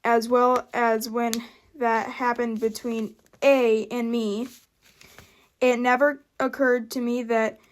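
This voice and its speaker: A teenage girl reading a prepared statement to camera, often stumbling and restarting her lines with flustered asides. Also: fairly high pitch. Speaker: vlogger.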